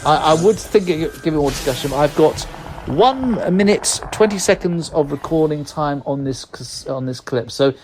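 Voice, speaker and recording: A man's voice: on the high side, lively intonation, normal speed, noisy background. A man hosting a casual podcast, chatty and easygoing, who laughs along with his co-host. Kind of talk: casual chat.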